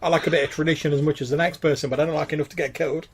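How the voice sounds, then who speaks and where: A man's voice: a little high, steady tone, racing, background noise, lightly acted. A man voicing a chatty young male town guard who rambles with lots of fillers and hesitations.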